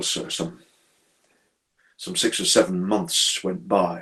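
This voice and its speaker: A man voicing a haunted, deferential railway signalman who talks haltingly and keeps calling his listener sir, in a live dramatic storytelling. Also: lowish voice, a bit bright.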